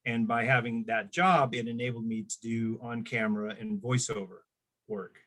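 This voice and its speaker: A middle-aged man telling stories in a casual chat, animated, jumping into higher voices for the people he quotes. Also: moderate pace. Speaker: guest. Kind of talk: casual storytelling.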